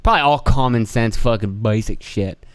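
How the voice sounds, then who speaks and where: A man's voice: mid-range voice, moderate pace, no echo. A young man hosting a solo podcast, ranting and swearing, acting out other people's lines in mocking voices. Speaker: podcast host.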